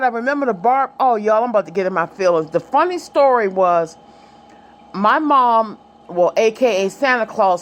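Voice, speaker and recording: A middle-aged woman vlogging in a casual, chatty way, telling stories, laughing often and talking to her viewers and a child. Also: fairly high pitch. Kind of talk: casual chat, reminiscing.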